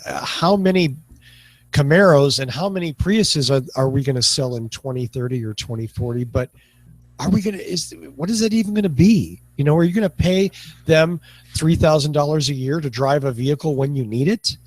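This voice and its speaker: A man co-hosting a casual panel talk show, rambling and animated, with many restarts. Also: fairly high pitch, a little fast. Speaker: podcast co-host.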